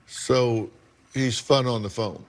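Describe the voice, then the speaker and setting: A man's voice: medium pitch, fairly even intonation, takes it slowly, a little hiss or hum. A man hosting a TV talk show, interviewing a guest with wry, probing, teasing questions.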